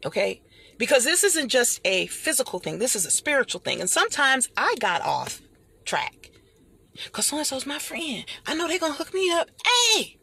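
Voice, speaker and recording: A middle-aged woman giving an animated motivational talk, speaking like a preacher and calling her listeners honey and y'all. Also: medium pitch, creaky, husky.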